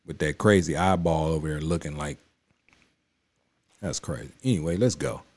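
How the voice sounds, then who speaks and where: A man's voice: very deep voice, normal speed, a little mellow, a little hiss or hum. A man hosting a reaction video, commenting on a political speech in a casual, emphatic, repetitive way and talking straight back at the clip. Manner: emphatic, repetitive, conversational street talk; addresses the clip directly with rising heat. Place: home studio.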